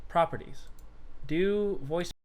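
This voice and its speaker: A man live-streaming from home, muttering and swearing as he troubleshoots his mic and voice software. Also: a little high, takes it slowly. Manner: muttering, swearing while fixing audio setup. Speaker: game streamer. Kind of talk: casual live-stream chat. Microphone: desk microphone with voice software.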